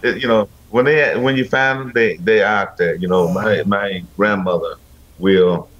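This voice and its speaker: A man's voice: on the low side, steady tone, measured pace, fairly bright tone. An older man co-hosting a radio chat show, telling folksy, joking stories. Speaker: radio co-host. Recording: dull, lo-fi sound.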